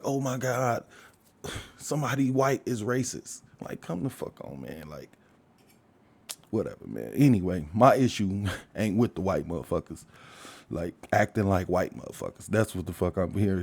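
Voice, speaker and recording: Profane, rambling older man, dark voice. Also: lowish voice. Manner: profane, rambling, animated, laughs often. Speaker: podcast host. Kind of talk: casual monologue.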